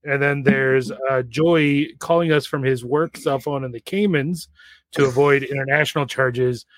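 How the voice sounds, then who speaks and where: Deadpan man co-hosting a podcast. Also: medium pitch, a little slow, no echo. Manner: deadpan, dry jokes. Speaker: podcast co-host. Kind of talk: casual chat.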